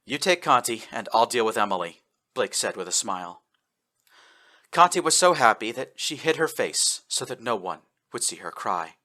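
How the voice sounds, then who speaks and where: A man reading a fanfiction story aloud in scripted narration, changing his voice for the characters. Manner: expressive, shifts pitch for characters. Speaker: fanfiction audiobook reader.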